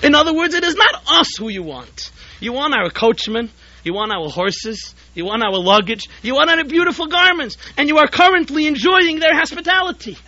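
A man voicing a calm, wise older male rebbe who answers with a gentle rebuke, on a dull lo-fi tape recording. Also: very high voice, normal speed, no room sound, voice pushed up, heavily acted. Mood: gently rebuking.

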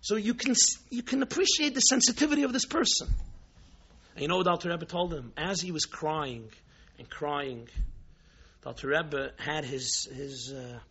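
Impassioned bright-voiced man preaching. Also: fairly high pitch, slightly rough, muffled recording. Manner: impassioned, many rhetorical questions. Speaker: Jewish religious teacher. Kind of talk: sermon with a told story.

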